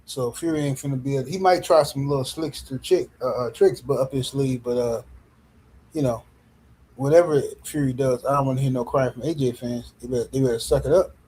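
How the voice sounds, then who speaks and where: Husky-voiced man ranting on a livestream. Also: medium pitch, fairly even intonation, brisk, mellow, rough recording. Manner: slangy, repeats himself, rants and reads super chats. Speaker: boxing livestream host. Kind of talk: casual livestream commentary.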